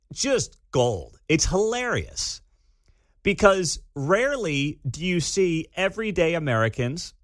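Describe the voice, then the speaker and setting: A man hosting a talk radio show, giving opinionated commentary in a conversational, animated, slangy way. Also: on the high side, no echo, studio quality.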